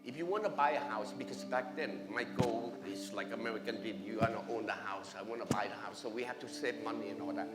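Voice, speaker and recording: A man giving a personal testimony at church, animated and acting out conversations, speaking English with non-native grammar. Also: lowish voice, fairly quick, few pauses. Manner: animated, acts out dialogue with his wife. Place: church hall. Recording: echoey hall with music behind.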